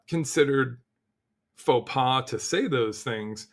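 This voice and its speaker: Gravelly, animated middle-aged man. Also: mid-range voice, moderate pace. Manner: animated storyteller, acts out quotes, frequent "like" and restarts. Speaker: podcast guest, cybersecurity leader. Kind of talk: casual interview chat.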